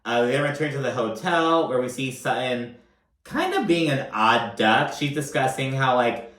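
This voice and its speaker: A man's voice: mid-range voice, sing-song, moderate pace, fairly bright tone, roomy sound. A man giving casual, profane, gossipy recap commentary on a reality show, full of fillers.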